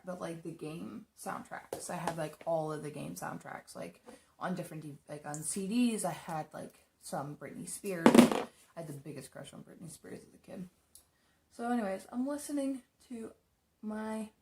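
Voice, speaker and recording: A woman's voice: fairly low pitch, vocal fry. A young woman chatting casually as she tells a story while doing her makeup, rambling with lots of fillers and restarts. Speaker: makeup vlogger.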